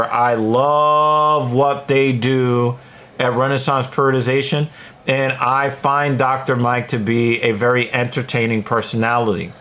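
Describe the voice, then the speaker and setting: A man's voice: mid-range voice, fairly bright tone. A man hosting a livestream, reading viewer comments aloud and giving blunt, casual opinions with plenty of fillers. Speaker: livestream host reading chat.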